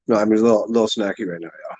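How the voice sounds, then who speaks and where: A man with a lowish, warm voice hosts a livestream, chatting casually while eating and drinking. He rambles, laughs often, and talks through mouthfuls, and the sound is lo-fi.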